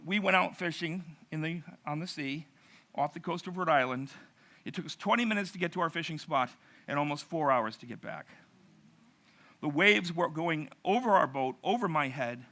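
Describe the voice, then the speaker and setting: Man, middle-aged, pastor, narrative sermon, bright forceful voice, slightly high, dramatic pauses. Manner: storytelling with acted-out quotes and dramatic pauses.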